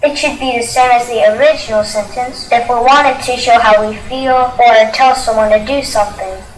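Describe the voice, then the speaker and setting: A woman with a slightly high voice asks questions and sums up the points in a scripted language-course dialogue. She sounds curious and orderly, and the recording has a roomy echo. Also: steady tone, normal speed, slight background noise. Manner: inquisitive, summarizing. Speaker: learner in a course audio dialogue.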